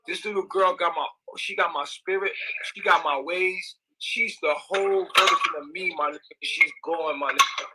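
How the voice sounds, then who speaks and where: A man's voice: high voice, normal speed, very noisy. A young man, ranting in an agitated, repetitive, profane livestream monologue.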